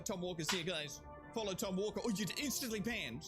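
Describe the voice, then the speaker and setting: A man's voice: high-pitched, fairly quick. A man chatting casually on a live stream, rambling, joking and swearing as he thanks viewers, his voice a bit strained and sore. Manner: rambling, jokey, swears freely, shouts out viewers. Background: music playing under the voice.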